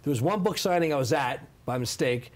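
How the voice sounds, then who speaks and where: This interview guest, a middle-aged man, talks a little fast with a fairly high pitch and lively intonation. Sitting down to tell his version of events, he presses each point emphatically and repeatedly throws in "okay?"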